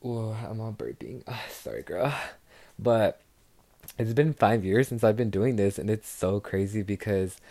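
A young man talks through a casual chat podcast in a lowish voice with a mellow, warm tone. He gushes and chatters loosely, peppering every thought with "like" and "girl." The sound is close and dry, with little room around it. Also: measured pace, no echo. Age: young adult. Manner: chatty and gushing, full of "like" and "girl". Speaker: podcast host.

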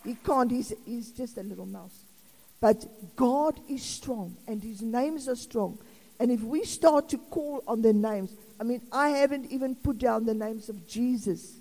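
South african lady in her 60s giving a rambly church talk, mellow voice, big hall echo. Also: fairly high pitch, unhurried. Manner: chatty, laughing asides, rambling. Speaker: preacher. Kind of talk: informal sermon. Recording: long reverb of a hall.

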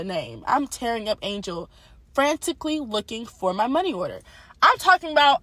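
Animated young woman telling a testimony. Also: medium pitch, no room sound. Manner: animated storytelling, talks to viewers as y'all. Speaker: testimony speaker. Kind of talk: casual spoken testimony.

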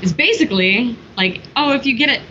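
A woman in casual chat, animated and exclamatory, cursing freely. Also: on the high side, brisk. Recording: dull recording with faint hiss.

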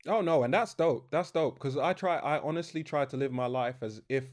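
A man's voice: on the high side, normal speed. A young man chatting on a casual podcast in a playful way, laughing often. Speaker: podcast co-host.

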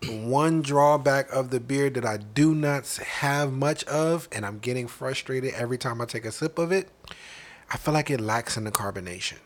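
A man co-hosting a casual podcast, giving a thoughtful, measured review and often checking in with "right?". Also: medium pitch. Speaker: podcast co-host.

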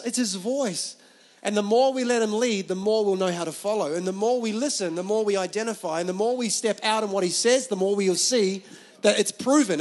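A male pastor preaching a sermon from a stool, pressing his points through emphatic repetition and "come on" exhortations. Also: high voice. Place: church stage, seated on a stool.

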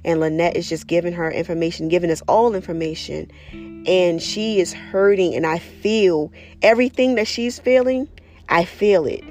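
Woman with a low voice, candid and animated in an unscripted solo vlog, soft guitar music underneath. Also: normal speed. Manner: candid, profane, animated storytelling. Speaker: spiritual vlogger. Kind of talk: casual personal monologue.

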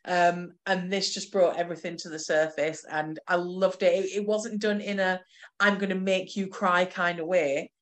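A woman co-hosting a casual film podcast, chatting in an animated way with frequent restarts. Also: fairly low pitch, normal speed. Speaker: podcast co-host. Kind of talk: casual chat.

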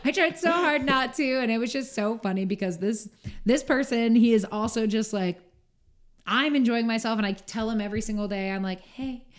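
A woman's voice: on the high side, fairly quick. A woman talking as a podcast guest in a casual interview, chatty and full of "like", often acting out what other people say. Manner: chatty, full of "like", acts out quoted speech.

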